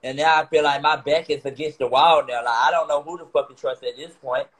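An angry, hurt man vents to his live stream audience. His voice sits a little high, and he circles back over the same complaints again and again, swearing as he goes. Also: steady tone, a little fast, a bit bright, low-quality recording. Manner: upset, repetitive, swearing. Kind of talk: emotional rant to viewers.

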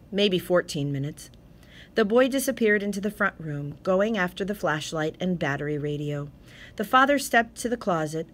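A woman reading a short story aloud as an audiobook narrator, measured and steady. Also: medium pitch. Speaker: audiobook reader. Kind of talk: scripted narration.

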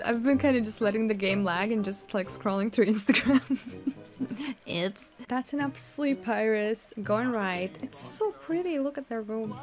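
A woman's voice: on the high side, normal speed. A young woman in her twenties giving casual, giggly commentary while playing a life-sim game. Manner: giggly, chatty, laughs often. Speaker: Sims gameplay streamer. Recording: music playing behind.

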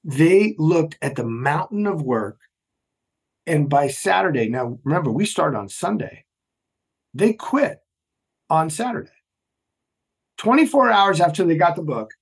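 A man's voice: fairly high pitch, a little slow, vocal fry, pauses often, slightly rough. A man, a former Navy SEAL, telling a story as a podcast guest and acting out the people in it. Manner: animated storyteller, acts out quoted voices. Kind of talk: storytelling interview talk.

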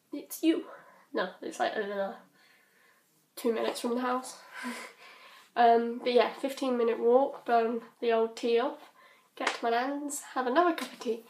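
A woman's voice: on the high side, darkish tone, a little hiss or hum. Giggly teen girl with a British accent. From Britain. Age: teens. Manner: giggly, scattered, chatty. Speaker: vlogger. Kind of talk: rambling casual chat. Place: her bedroom at home. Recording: roomy bedroom echo.

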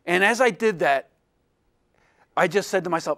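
High-voiced man telling a lecture story. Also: moderate pace, long pauses. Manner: animated, self-deprecating, acts out quoted voices. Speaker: illustration professor giving a lecture. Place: lecture room with an audience.

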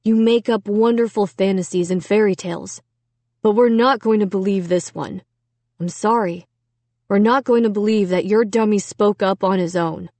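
A woman's voice: medium pitch, normal speed, dark tone, dry recording, close to an everyday voice. A woman reading a storybook aloud, voicing an angry, stern father who scolds his daughter in a firm, controlled way. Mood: stern calm.

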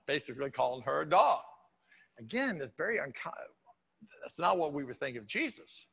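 A man's voice: on the high side, very animated, moderate pace, gravelly, bright, forceful tone, breathy edge, big-room sound. A man preaching a sermon as pastor in a church, talking conversationally with wry humorous asides. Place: church sanctuary.

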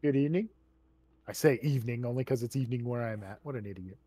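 A man playing a game with a friend, easygoing and quick to joke at himself. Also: mid-range voice, warm tone, breathy edge. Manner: easygoing, self-mocking. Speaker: co-player. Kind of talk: casual gaming chat. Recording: light background metal music.

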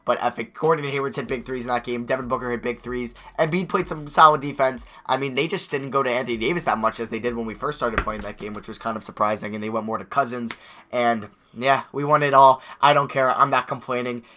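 A young man giving live commentary on a basketball video game, excitable, swinging from quiet muttering to loud yells. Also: mid-range voice, fast talker. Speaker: gaming YouTuber.

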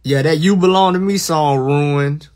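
Teasing man chatting with his stream. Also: a little high. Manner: teasing, animated, drawn-out bursts of mock alarm. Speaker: livestream host. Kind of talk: casual livestream chat with viewers.

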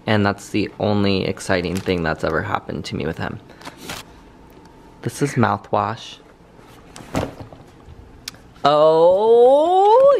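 A man's voice: on the low side, fairly bright tone. A young man chatting casually to camera in a vlog, rambling with lots of fillers. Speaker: vlogger. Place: Los Angeles, at home and in a car. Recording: home vlog with clear ambient noise.

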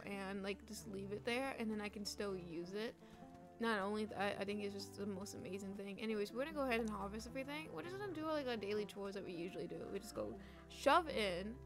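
A young woman streaming a cozy game, chatting casually and swearing, with sudden frustrated outbursts. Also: medium pitch. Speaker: gaming streamer. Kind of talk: casual let's play commentary.

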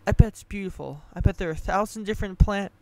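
A wistful, cheerful young woman, as a man puts her on for a comedic spoken story. The voice is smooth and lifted high, sweet and dreamy. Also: quick pace, a little mellow.

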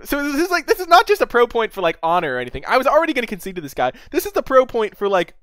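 A young man casually telling a story to camera, rambling with many fillers and restarts as he gets excited. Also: very high-pitched, racing, hardly any pauses, no echo. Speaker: channel host.

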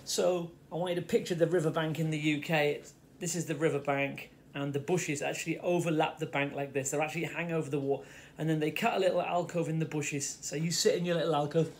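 A middle-aged vlogger from the Fens, England, his voice on the high side, rambles through a childhood story and keeps interrupting himself. He's in his home kitchen, with faint radio music and slight background noise.

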